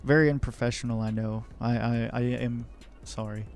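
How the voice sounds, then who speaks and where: A man's voice: medium pitch, steady tone, normal speed, vocal fry, darkish tone. A man giving rambling, jokey, self-deprecating commentary while playing a city-building game. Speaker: let's play host. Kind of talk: casual gameplay commentary.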